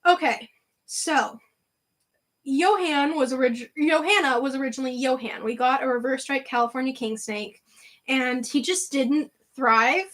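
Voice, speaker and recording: Chatty woman livestream host, high voice, laughs easily, loose fillers. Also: a little slow, fairly bright tone, low-quality recording. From Canada. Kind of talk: casual chat.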